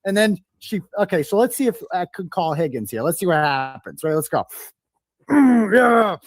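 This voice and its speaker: A man's voice: on the high side, animated, moderate pace. A man in recorded footage, narrating his own actions while he acts out crude lines. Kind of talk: casual spoken demonstration.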